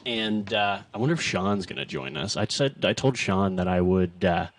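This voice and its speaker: A man's voice: sits low, big pitch swings, normal speed, recorded from a distance, slight background noise. A man hosting his first live stream from a home studio, chatty, self-deprecating and a bit nervous. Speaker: host. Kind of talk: casual live stream chat.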